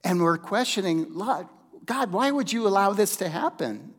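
A man preaching a sermon in a slow, deliberate way, with dramatic pauses and hushed emphasis. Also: high voice, animated. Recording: long hall reverb.

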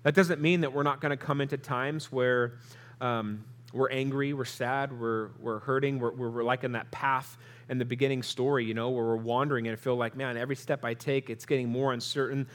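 A man's voice: medium pitch, fairly even intonation, moderate pace, fairly bright tone. A man preaching a sermon, reading scripture aloud and explaining it in an earnest, conversational way, asking the listeners questions. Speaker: pastor.

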